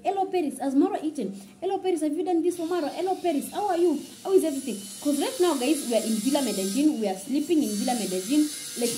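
A woman vlogger from Kenya telling a story in a casual, very fast, run-on way. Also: a little high, warm tone, a little hiss or hum, low-quality recording.

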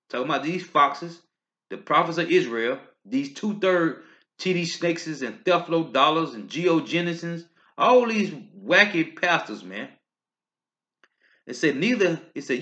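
A man's voice: a little high, big pitch swings, measured pace, bright, forceful tone. A man preaching from scripture in bursts, ending lines with "man, okay?". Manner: emphatic, rising and falling bursts. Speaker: street preacher. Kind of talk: scripture-reading sermon video. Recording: dull lo-fi recording.

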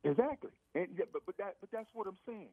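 A man's voice: high-pitched, animated, quick pace, no echo. A middle-aged former football player, a guest on sports radio, talking casually and emphatically, restarting and repeating his phrases. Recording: dry, tinny phone line.

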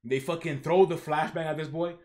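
A man's voice: on the high side, fairly even intonation, brisk, darkish tone. Casual young man reading a comic aloud. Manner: casual slangy, reads aloud with voices. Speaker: streamer reacting to a comic. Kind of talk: live reaction reading.

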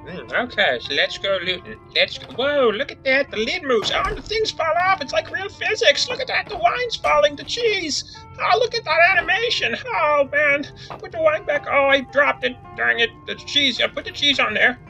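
Brief: man putting on a goofy, volatile young gamer, bright and swinging wildly in pitch, comedic trailer skit. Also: sing-song, moderate pace, creaky, lo-fi sound, soft background music, heavily acted. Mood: excited. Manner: goofy, shouts in sudden outbursts.

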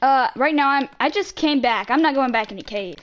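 A woman trolling other players in game voice chat, teasing and mocking them, sometimes dropping into a low put-on voice to taunt. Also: expressive, a little fast.

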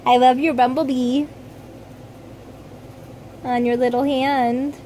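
A woman filming her family at home, chatting with her kids in playful baby talk that turns quiet and tired late at night. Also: sits high, level tone, slow pace, long pauses, a little hiss or hum, rough recording. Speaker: mother and family vlogger. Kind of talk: casual home video chat.

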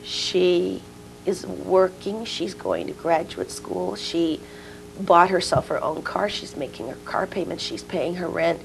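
A woman's voice: fairly low pitch, a little slow, creaky, slight background noise, low-quality recording. A woman in her sixties, a guest in an interview, telling personal stories and acting out the dialogue. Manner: storytelling, acts out quoted dialogue. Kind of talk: casual interview chat.

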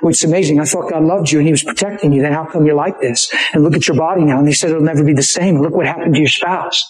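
A man voicing a sly, accusing devil who mutters taunts low and quick. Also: reverberant, lightly acted, low-quality recording. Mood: taunting. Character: sly accusing male devil, sneering tempter.

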